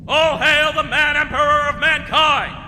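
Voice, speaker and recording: A man's voice: very high voice, moderate pace, bright, forceful tone, slight background noise, exaggerated voice. A man playing a zealous male preacher proclaiming faith in an emperor, in a comedy animation. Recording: long hall reverb.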